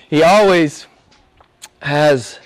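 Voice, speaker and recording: A male pastor preaching a sermon, swinging between loud exhortation and hushed whispers, with laughs between points. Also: fairly high pitch.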